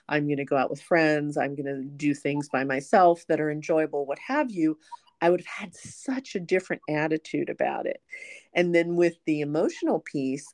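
Low-voiced woman host, dry sound. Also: dry recording. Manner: earnest, personal storytelling. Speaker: podcast host. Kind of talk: casual conversational interview.

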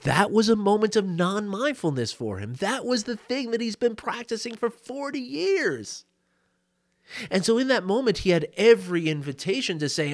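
A man's voice: sits high, animated, moderate pace. A man giving a casual mindfulness lesson, chatty and prone to laughing, often tagging his points with "you know" and "right?". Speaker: mindfulness teacher. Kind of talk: casual teaching talk. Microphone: boom mic.

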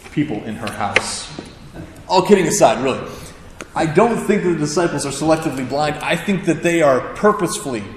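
A male pastor delivering a sermon in a relaxed, conversational way, slipping in self-deprecating jokes. His mid-range voice carries a long reverb and rings around a roomy hall, with a faint hum of ambience behind him. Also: medium pitch. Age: adult with a child.

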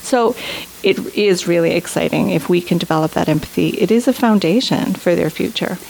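Woman teacher guest, excited, keeps saying right?, a bit of hiss. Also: lowish voice, a little fast, creaky, rough recording. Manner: enthusiastic, frequent "right?" tags. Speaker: empathy program instructor. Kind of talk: interview guest.

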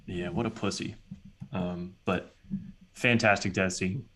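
A man's voice: low-pitched, steady tone, measured pace, sharp tone, soft background music. A man in casual podcast chat, talking enthusiastically about movies and swearing freely.

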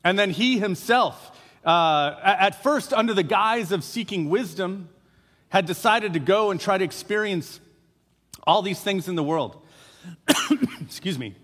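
A man's voice: sits high, unhurried, pauses often, fairly bright tone, husky. A man preaching a sermon as pastor, speaking conversationally with frequent filler "uh"s. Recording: long hall reverb.

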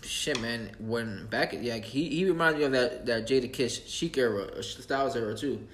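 A man hosting a casual hip-hop talk podcast, loose and profane, often laughing and speaking in quick bursts. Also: medium pitch. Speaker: podcast host.

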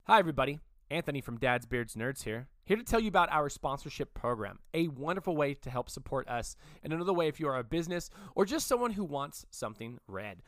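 A man's voice: fairly high pitch, sing-song, quick pace, a bit bright, no room sound, clean studio sound. A man reading a sponsorship announcement for his own podcast in an upbeat announcer manner.

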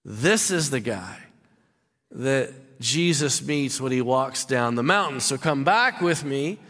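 A man's voice: mid-range voice, animated, slow, a bit bright. A man preaching a sermon, emphatic, repeating and stumbling over words as he stresses his points. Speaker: pastor. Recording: long hall reverb.

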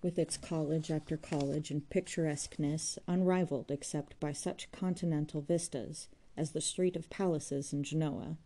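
A woman narrating a novel chapter in a measured, even reading. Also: sits low. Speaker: audiobook narrator. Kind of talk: scripted narration.

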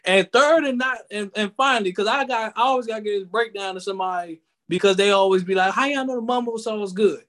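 A man's voice: high-pitched, fast, few pauses. A man with a Washington DC accent in casual, slangy, emphatic chat with a co-host. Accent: Washington DC area. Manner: animated, slangy, emphatic storytelling.

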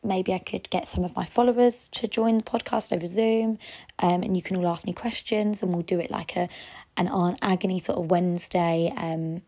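Brief: young woman, podcast host, low gravelly pep-talk delivery. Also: steady tone, normal speed, mellow. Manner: chatty pep talk, frank and encouraging. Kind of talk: solo advice podcast.

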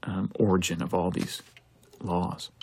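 A man's voice: low-pitched, level tone, unhurried, a little hiss or hum. A man, a film director, giving an earnest, reflective audio commentary, thinking aloud as he talks.

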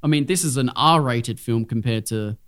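A man's voice: mid-range voice, normal speed, a bit bright, no echo, clean studio sound. A young Australian man co-hosting a casual podcast chat, telling rambling stories with lots of swearing and restarts. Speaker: podcast co-host.

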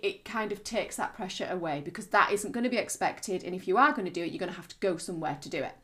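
A woman's voice: on the low side, fairly bright tone. A middle-aged woman co-hosting a podcast, talking frankly and casually with her husband. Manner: frank, chatty, quick to laugh. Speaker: podcast co-host. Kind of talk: candid casual chat.

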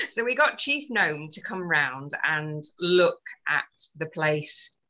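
A woman's voice: low voice, sharp tone, low-quality recording. A woman on a podcast, telling a personal story in earnest, detailed casual chat. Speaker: podcast co-host.

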